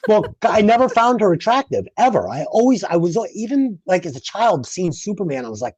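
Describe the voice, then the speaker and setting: A man's voice: high voice, big pitch swings, a little fast, few pauses, darkish tone, husky, dry recording. A man co-hosting a casual film podcast, blunt and profane in his opinions. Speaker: podcast co-host.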